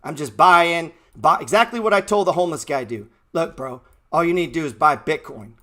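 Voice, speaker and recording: A man's voice: on the high side, animated, fairly quick, sharp tone. A man in his thirties hosting a trading show, giving a blunt, mocking, profane motivational rant. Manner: blunt, brash and mocking, heavy swearing.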